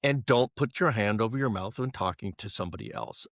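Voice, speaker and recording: A man's voice: lowish voice, fairly quick, creaky, no echo, clean studio sound. A man co-hosting a casual soccer podcast, teasing his partner and acting out little quoted lines as he makes his points. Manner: teasing, animated, acts out quotes. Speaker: podcast co-host.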